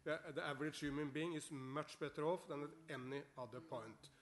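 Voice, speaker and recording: A middle-aged man with a Norwegian accent gives a formal speech in a parliament chamber. His voice sits a little high for a man. He sounds upbeat and often repeats a word as he goes. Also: fairly even intonation, brisk. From Norway. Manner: upbeat, repeats words while searching for them. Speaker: guest speaker.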